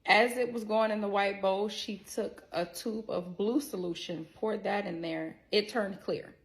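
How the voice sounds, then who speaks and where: A woman tells a personal story to her viewers in a chatty, expressive way. Her voice carries a gravelly vocal fry and sits at a middle pitch. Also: measured pace. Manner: works in healthcare. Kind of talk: casual story-time monologue.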